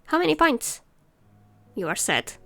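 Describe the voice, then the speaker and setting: A woman's voice: high-pitched, very animated, a little slow, creaky, bright, forceful tone, no room sound. A woman streamer chatting casually and ranting while she reads game text aloud. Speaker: let's play streamer.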